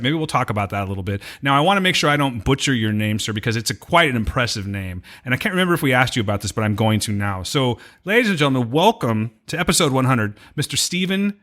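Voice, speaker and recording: A man hosting a casual podcast, joking and swearing as he chats with his guests. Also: mid-range voice. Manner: joking, profane, animated. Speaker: podcast host.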